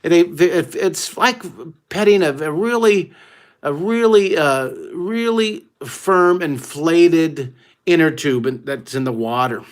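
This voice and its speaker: A middle-aged American man leading a live online drawing lesson for kids, telling stories with excited whoops. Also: on the high side, slow pace. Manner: exuberant, exclamatory storyteller who whoops often. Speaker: art teacher hosting a live drawing class.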